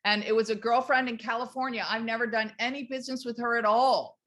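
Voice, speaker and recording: A woman in her fifties telling a motivational story to her team on a video call, animated and enthusiastic. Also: fairly high pitch, fast. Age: 50s. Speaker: network marketing team leader.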